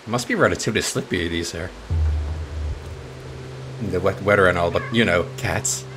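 A man giving playful gameplay commentary as a let's play host, cooing softly and giggling while he talks to the characters on screen. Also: low voice, moderate pace, low-quality recording. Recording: game music behind the voice.

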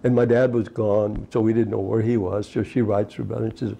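An elderly man in his eighties tells his life story for an oral history interview, wandering from memory to memory. His voice sits low and gravelly with a dark, husky tone. He keeps dropping in little "you know" asides as he goes. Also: little pitch movement, fairly quick, slight background noise. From United States. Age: 80s. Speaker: retired fisherman recounting his life.

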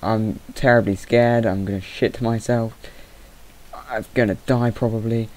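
A man's voice: on the low side, fairly even intonation, moderate pace, darkish tone, poor audio. A young man giving rambling let's play commentary, easily startled and chatting to the animals in the game. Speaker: gamer. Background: mouse clicking.

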